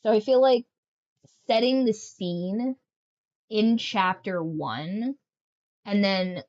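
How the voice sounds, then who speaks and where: A woman's voice: medium pitch, slow pace, a little mellow, dull audio. A woman game streamer chatting casually, telling rambling, joking stories with lots of fillers. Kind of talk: casual livestream chat.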